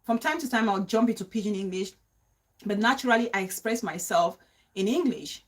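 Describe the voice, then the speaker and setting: A woman's voice: medium pitch, lively intonation, a little fast. A young adult woman with a Cameroonian accent hosting a live-stream vlog, making her points emphatically and repeating them as rhetorical questions. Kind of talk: live-stream vlog, reading viewer comments.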